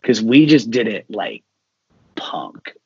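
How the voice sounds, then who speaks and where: Man, husky tone, dry dull recording, animated storyteller, acts out quotes. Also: lowish voice, slow, no room sound. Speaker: musician guest. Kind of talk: casual interview storytelling. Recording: dull lo-fi sound.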